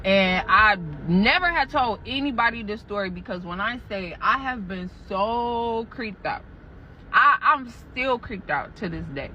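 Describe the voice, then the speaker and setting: A woman's voice: a little high, lively intonation, a little slow, pushed and bright, slight background noise. A young woman animatedly telling a scary true story about her job, cursing and talking straight to the listeners. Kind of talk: casual spoken storytelling. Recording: muffled audio with music underneath.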